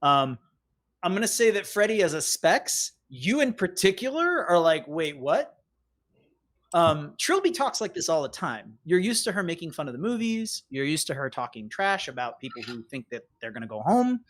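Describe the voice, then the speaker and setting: A game master telling a science-fiction tabletop story with an animated, rising and falling voice. The talk is chatty and full of little fillers, checking in with the players as the story goes on. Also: mid-range voice, normal speed.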